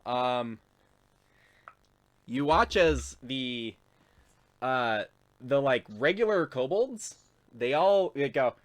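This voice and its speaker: A man's voice: mid-range voice, lively intonation, drawn-out words, long pauses. A man narrating as game master of a tabletop game in a laid-back, chuckling manner with many fillers. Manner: laid-back, laughs often, lots of fillers.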